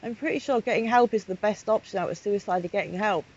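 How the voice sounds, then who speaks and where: Reading chat logs aloud, this vlogger delivers quick, emphatic outrage in a casual, indignant tone. Her medium-pitched voice is darkish, heard through a slightly muffled home recording with a faint hiss.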